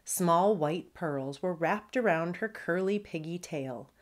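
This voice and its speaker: Expressive woman author reading aloud slowly. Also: lowish voice. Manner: warm storyteller, expressive. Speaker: children's book author. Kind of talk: reading a chapter book aloud.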